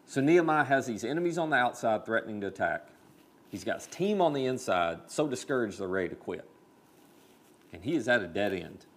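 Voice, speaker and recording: A man preaching a sermon, telling a scripture story in an animated, storytelling way. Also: lowish voice, fairly quick. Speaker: pastor.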